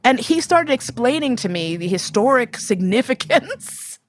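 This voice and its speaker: A woman telling a candid personal story in an interview, animated and profane, often breaking into laughter. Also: a little high, measured pace.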